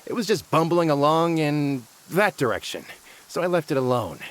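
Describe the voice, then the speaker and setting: A man's voice: a little high, sing-song, normal speed, a little hiss or hum. An actor voicing a flippant young male forest ranger with a casual, dismissive way of talking, as game voice acting. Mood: grudging.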